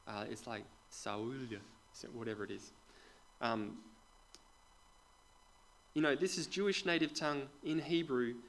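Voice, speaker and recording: A man of middle pitch delivers a sermon in a church, talking to the congregation like a conversation. He puts questions straight to the people listening and often drops into soft, quiet asides. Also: rough recording. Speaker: preacher.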